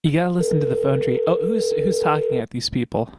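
A man hosting a comedy radio show and making prank calls in a playful, deadpan way. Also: fairly high pitch, fast talker, very noisy.

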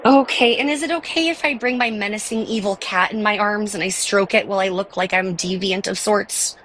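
A woman's voice: medium pitch, brisk, fairly bright tone, slight background noise, natural voice. A woman playing a caller who fakes a thick Italian accent, rambling and overly polite on a prank phone call. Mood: mock-earnest.

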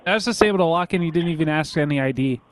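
A man on a prank call, insistently complaining in a flat, deadpan way. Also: a little high, very fast, very noisy. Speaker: prank caller. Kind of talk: casual prank call on a live stream. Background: music.

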